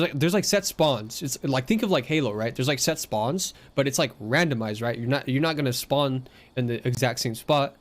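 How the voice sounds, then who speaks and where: A young man casually telling a long story, full of fillers and quick acted-out quotes of other people. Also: mid-range voice. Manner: rambling, filler-heavy, animated quoting of others. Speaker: storyteller recounting a game session.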